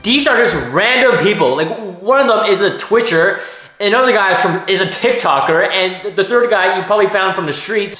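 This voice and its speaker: Brief: exasperated male reactor, slightly high voice, roomy sound with music under it. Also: sharp tone. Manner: scoffing, exasperated, frequent "man" tag. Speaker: reaction YouTuber. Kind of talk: mocking reaction commentary.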